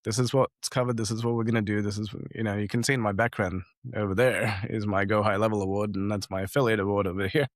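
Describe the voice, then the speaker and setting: A man with a lowish voice shares business lessons over a video call, recorded close and dry in a home office. He tells stories with energy, acting out the people he talks about. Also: fast, hardly any pauses, no room sound. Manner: animated storytelling, acts out quoted people. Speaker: guest entrepreneur. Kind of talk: conversational business advice. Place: home office with awards on wall.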